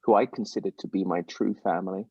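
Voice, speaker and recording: A middle-aged man with an English accent, a musician guest telling stories with animated voice jumps. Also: fast talker, husky, no room sound, muffled recording. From England. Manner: animated storyteller, mimics voices with big pitch jumps. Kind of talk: casual interview over a call.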